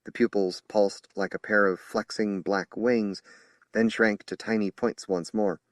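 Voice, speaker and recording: A man reading a horror novel aloud as an audiobook narrator in measured storytelling. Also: on the low side, fairly even intonation, no room sound, studio quality. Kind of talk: scripted narration.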